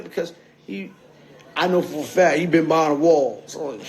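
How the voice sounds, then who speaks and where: High-voiced streetwise man on a livestream. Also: steady tone, moderate pace. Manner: streetwise slang, repeats "you heard?". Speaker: livestream host. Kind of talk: casual livestream monologue. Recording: phone screen-recorded livestream.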